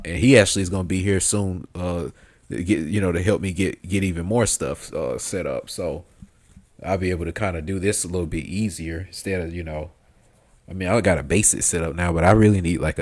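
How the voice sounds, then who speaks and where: A man chatting casually while he streams a video game. His voice sits low, and he rambles, piling up fillers and swearing as he talks. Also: fairly quick. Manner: rambling, filler-heavy, laughs easily, swears. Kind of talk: casual gameplay commentary.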